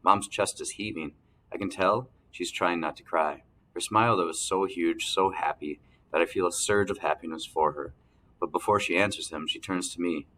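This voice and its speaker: A man narrating an audiobook in the first person, telling the story calmly and evenly. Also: sits low, normal speed, a little hiss or hum.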